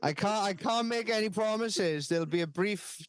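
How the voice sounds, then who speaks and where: Brief: male podcast co-host, animated storyteller, high and lively, dry booth. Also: moderate pace, clear, resonant tone, no echo. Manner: animated, laughing and swearing often. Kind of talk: casual storytelling chat.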